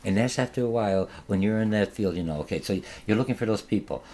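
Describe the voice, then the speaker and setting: A man's voice: lowish voice, fast talker, dark tone, slight background noise. A man teaching a college marketing lecture in a rambling, conversational way, with many restarts and acted-out examples. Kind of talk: recorded lecture.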